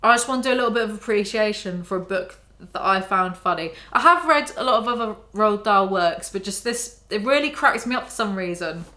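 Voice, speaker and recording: A woman's voice: mid-range voice, expressive, a little fast, few pauses, bright, forceful tone. Brief: young woman, book vlogger, chatty and giggly, casual. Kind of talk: casual chat between read-aloud passages.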